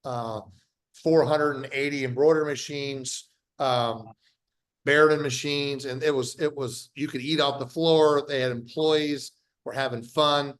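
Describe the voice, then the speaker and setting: A middle-aged company founder speaks in a mid-range, fairly even voice at an unhurried pace during a casual interview. He is blunt and emphatic, repeating points and restarting sentences, and he acts out quoted dialogue in his stories.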